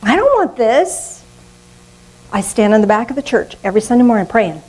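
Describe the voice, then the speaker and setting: An older woman preaching a sermon in a lively, conversational way, often laughing at herself. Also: a little high, brisk, rough recording. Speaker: minister.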